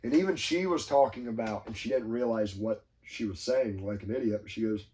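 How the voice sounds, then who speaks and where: A man hosting a podcast, talking in a rambling, animated way with quick asides and quoted voices. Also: fairly low pitch. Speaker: podcast host. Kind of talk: casual chat.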